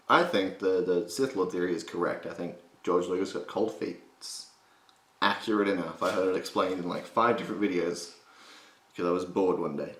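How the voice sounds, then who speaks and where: A man's voice: low voice, moderate pace, fairly bright tone. A man hosting a voice impression tutorial, rambling and self-mocking in a casual, joking way. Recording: roomy echo.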